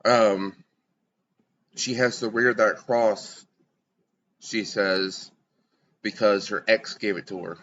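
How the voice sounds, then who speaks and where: A man's voice: on the low side, steady tone, slow, pauses often, a bit bright, lo-fi sound. A man narrating as game master of a tabletop game, talking loosely and casually.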